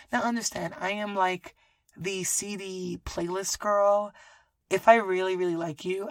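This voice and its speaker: A woman's voice: medium pitch, no echo. Woman podcast host, thirties, candid storyteller, dry close sound. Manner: swearing, laughing, dramatic and expressive.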